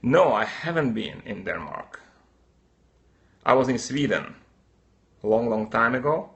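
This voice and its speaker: A man's voice: medium pitch, lively intonation, a little slow, a bit bright, highs cut off. A man from Slovakia with a Slovak-Hungarian accent, chatting casually and answering viewer comments during a live coffee-brewing stream. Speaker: livestream host.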